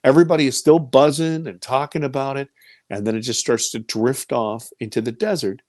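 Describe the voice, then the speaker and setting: A man in his fifties telling a personal story as an interview guest, voice leaping high when he quotes himself and sinking low and hushed when he recalls fear. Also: fairly quick, dry recording. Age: 50s. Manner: animated, voice rising high for quoted speech and dropping low and quiet for fear.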